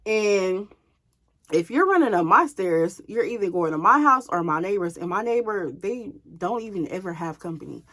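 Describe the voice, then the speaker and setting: A woman vlogger telling a personal story to her viewers in an animated, casual way, swearing freely. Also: mid-range voice, normal speed.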